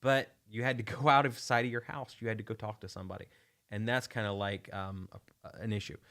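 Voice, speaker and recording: A man's voice: lowish voice, fairly even intonation, brisk, a bit bright. A man hosting a casual livestream, talking in a rambling, enthusiastic way with many restarts. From United States. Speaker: channel host.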